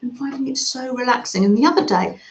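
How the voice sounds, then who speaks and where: A woman gently chatting with her livestream viewers and reading their comments aloud, with soft murmurs and coos. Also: fairly high pitch, fast talker. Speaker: craft livestream host. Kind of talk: casual chat reading live comments. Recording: slightly dull sound in an echoey room.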